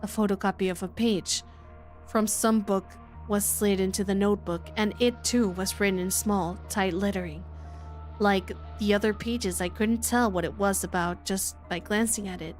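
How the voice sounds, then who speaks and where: A woman's voice: medium pitch, fairly even intonation, normal speed, faint music behind, close to an everyday voice. Woman narrating as an uneasy teen boy. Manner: plain storytelling narration. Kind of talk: visual novel readalong.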